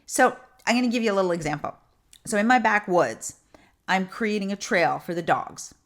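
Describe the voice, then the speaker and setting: A middle-aged woman who coaches intuition, talking casually to camera and telling stories with animated, repeated emphasis. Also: medium pitch, moderate pace. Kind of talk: casual teaching talk.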